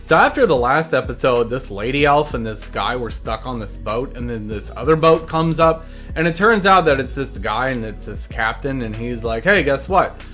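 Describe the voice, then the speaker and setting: Man, comedic recap host, deadpan rambler with side stories, mid-range voice. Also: medium pitch. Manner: deadpan, meandering storytelling with asides.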